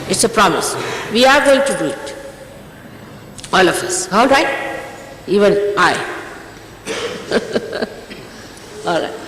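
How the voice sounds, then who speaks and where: An older woman, a spiritual teacher, giving an emphatic, scolding talk to her followers before a ceremony, often repeating herself. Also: mid-range voice. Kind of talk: informal exhortation before a ceremony. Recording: echoey hall, faint hiss, old tape.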